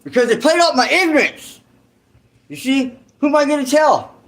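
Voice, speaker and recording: A man's voice: very high voice, sing-song, moderate pace, a bit bright. A man from California who hosts his channel, telling a story in a rambling, slangy monologue full of restarts and asides. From Santa Clara, California. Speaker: online creator host.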